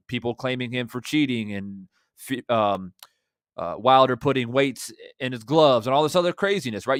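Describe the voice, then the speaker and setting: A man hosting a fan reaction channel, talking in an impassioned, rhetorical way that swings between loud and quiet. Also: mid-range voice, clean tone, dry recording, studio quality. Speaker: boxing channel host.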